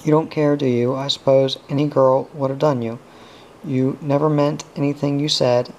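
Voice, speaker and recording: A man voicing an anxious young woman who pleads in an earnest, frightened way, in a flat, low, gravelly reading voice. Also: normal speed, muffled recording, slight background noise, lightly acted. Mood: pleading.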